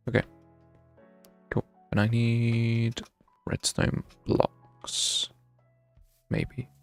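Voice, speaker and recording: A man's voice: mid-range voice, creaky. A young man chatting casually while streaming a game, thinking aloud with wry self-mockery. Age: young adult. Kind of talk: casual live gameplay commentary.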